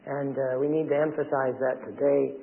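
Emphatic preacher on tinny radio. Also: male voice, mid-range voice, level tone, normal speed, gravelly. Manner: emphatic, repeats points with rhetorical questions. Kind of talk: sermon. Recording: tinny radio broadcast with long reverb.

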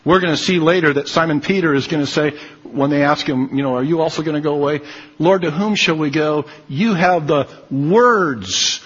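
A man's voice: a little high, moderate pace, a bit bright, slightly rough, big-room sound, lo-fi sound. A man preaching a sermon, emphatic and repeating his key phrases.

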